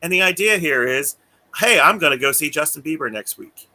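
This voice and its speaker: A man's voice: a little high, expressive, fairly quick, sharp tone. A man co-hosting a podcast in casual chat, rambling and often laughing as he acts out the voices of the people he quotes. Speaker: podcast co-host.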